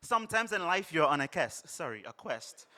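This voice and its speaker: A man voicing a calm, long-winded female therapist, in a lower, hushed delivery. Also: full character voice. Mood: lofty calm. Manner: measured, hushed and wordy.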